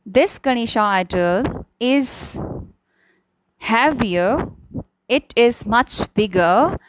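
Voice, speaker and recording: Young adult woman, patient teacher for beginners: slow, repetitive and clear, with a slightly higher voice. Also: slight background noise, poor audio. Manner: patient, repeats key words, frequent "okay?" checks. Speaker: English teacher. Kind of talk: slow, simple classroom explanation.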